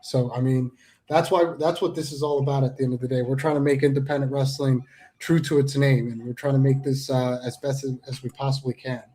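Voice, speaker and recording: A man's voice: medium pitch, flat delivery, a little fast, mellow. A man, a pro wrestler appearing as a guest, delivering a heated, profane, promo-style rant and repeating himself for emphasis. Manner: angry, profane, repetitive, with mocking voices.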